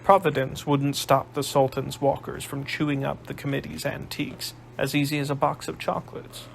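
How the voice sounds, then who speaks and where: A man narrating an audiobook in a measured storytelling manner. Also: fairly high pitch, flat delivery, gravelly, slight background noise, low-quality recording.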